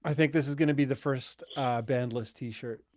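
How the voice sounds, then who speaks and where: A man's voice: medium pitch, steady tone, moderate pace, no room sound, clean studio sound. A man in his thirties co-hosting a podcast in casual chat, easygoing and rambling, laughing often. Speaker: podcast co-host.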